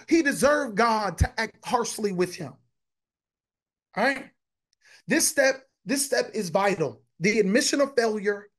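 A man's voice: extremely high pitch, fairly bright tone. A man, a pastor preaching a conversational sermon, repeating phrases and talking to his congregation directly.

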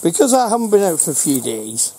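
A man's voice: on the high side, sing-song, brisk, mellow, husky, low-quality recording. A middle-aged man with a Northern English accent, giving short, repeated commands to his dog outdoors in a casual vlog. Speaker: dog owner vlogger.

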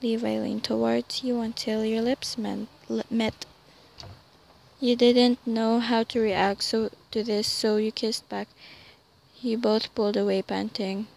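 A woman's voice: fairly high pitch, little pitch movement, unhurried, gravelly, a little mellow, poor audio. A young woman casually reading fanfiction aloud, stumbling over words and adding amused asides. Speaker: fanfiction reader.

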